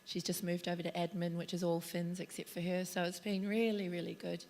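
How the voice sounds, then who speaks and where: A woman speaking on a conference panel about relocation and onboarding, enthusiastic and chatty, her voice slightly squeaky. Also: little pitch movement, fairly quick, a little mellow. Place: conference stage.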